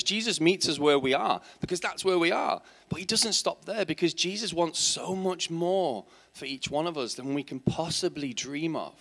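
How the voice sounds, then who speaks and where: A man's voice: on the high side, vocal fry, fairly bright tone. Man preaching with rhetorical questions. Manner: emphatic, builds to passionate peaks. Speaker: teacher. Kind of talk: sermon. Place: church.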